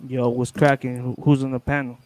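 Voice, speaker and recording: A man's voice: medium pitch, level tone, a little fast, a little mellow. A man joining a casual podcast panel as a guest, talking in an easygoing way and greeting everyone.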